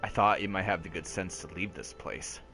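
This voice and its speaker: A calm, formal quest-giver from a fantasy video game, read by a man in a measured, solemn way. The delivery sits a little low and quiet. Faint music plays behind the voice.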